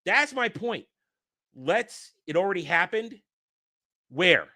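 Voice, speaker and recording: A man's voice: high voice, big pitch swings, takes it slowly, bright, forceful tone, no echo, studio quality. A man hosting a daily entertainment news show, reading headlines and giving blunt, profane, irritated takes. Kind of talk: casual ranting commentary on headlines.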